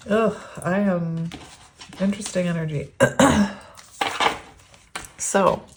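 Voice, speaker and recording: A woman's voice: lowish voice, slight background noise. A woman in her thirties doing a casual tarot reading to camera, rambling and affectionate with frequent giggles, her voice teary as if on the verge of crying. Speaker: tarot reader.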